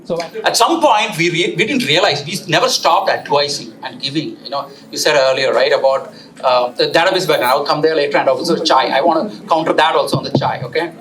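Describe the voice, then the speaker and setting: A man's voice: on the high side, fairly quick, a bit bright, poor audio. A middle-aged man speaking as father of the bride at an engagement party, rambling and joking with the guests. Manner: rambling, joking, self-correcting, with asides to the audience. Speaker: father of the bride giving a speech. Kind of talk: informal speech at an engagement party.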